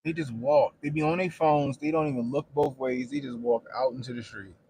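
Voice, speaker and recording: A man's voice: medium pitch, steady tone, a little fast, dark tone, slight background noise. A middle-aged man chatting casually on a stream, telling blunt, profane stories and laughing often. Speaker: streamer and commentator. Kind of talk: casual profane livestream chat.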